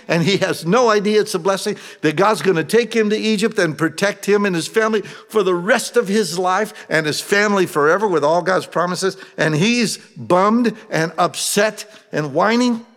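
A man preaching a sermon, reading and explaining scripture in a conversational way that swings from emphatic to hushed. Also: high voice. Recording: long reverb of a large hall.

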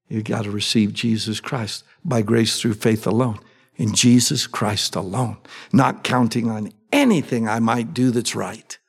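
A man preaching a sermon, asking his congregation questions and answering them himself, swinging between raised emphatic lines and soft low asides. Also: measured pace, gravelly, breathy edge. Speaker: pastor. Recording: long reverb of a large hall.

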